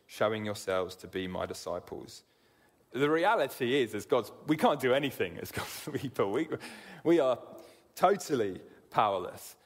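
A man preaching a sermon in an earnest way, often repeating words as he begins a sentence. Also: mid-range voice. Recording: long hall reverb.

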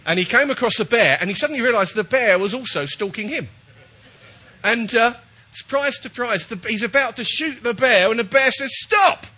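High husky preacher with a cold. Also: male voice, expressive, normal speed, pushed and bright. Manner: chatty, jokey, checks in with the audience. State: has a cold. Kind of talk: sermon.

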